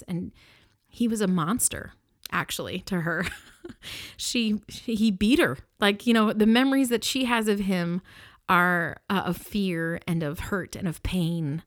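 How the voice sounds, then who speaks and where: Woman funeral director, lively storyteller, mid-range voice, casual fillers. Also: mid-range voice, no echo, clean studio sound. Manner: animated, chatty, many fillers.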